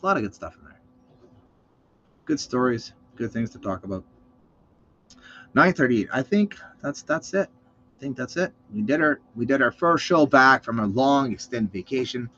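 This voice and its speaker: Pausing often at a moderate pace, this mid-range male host rants, curses and tells animated stories in a loose, profane monologue on his own show. Faint hiss or hum sits under a slightly dull recording, so he comes across cold and muffled.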